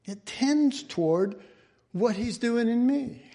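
A man's voice: very high voice, animated, slow, dark tone. A man giving an informal Bible teaching in a folksy way, chuckling often and restarting his phrases.

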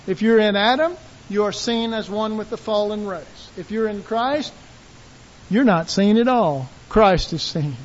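A man preaches with a strikingly high voice, switching into dramatic voices to play out scenes. The recording is muffled and lo-fi, with a faint hiss underneath. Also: a little slow. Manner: animated, acts out voices of God and listeners. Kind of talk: sermon. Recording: dull, hissy lo-fi recording.

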